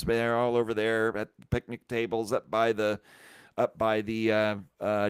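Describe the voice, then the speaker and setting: A man hosting a live stream, telling a rambling, animated anecdote full of restarts and acted-out quotes. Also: lowish voice, smooth, no echo, studio quality. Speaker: brewery company host. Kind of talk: casual storytelling on a live stream.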